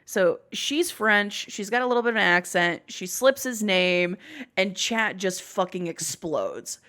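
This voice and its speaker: A woman's voice: medium pitch, expressive, a bit bright. A woman hosting a casual podcast chat, rambling and swearing freely. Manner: swearing, rambling, quick asides. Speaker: podcast host.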